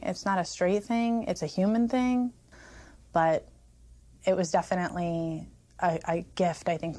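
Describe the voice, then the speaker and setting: A woman's voice: on the low side, a little mellow. A woman recounting events as a friend in a documentary interview, acting out quoted dialogue.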